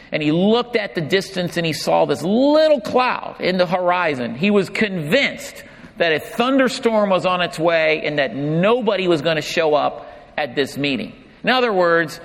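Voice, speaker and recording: A man's voice: sits high, fairly bright tone. A middle-aged man preaching a sermon, telling family stories with humor before turning reflective. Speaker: pastor. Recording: long reverb of a large hall.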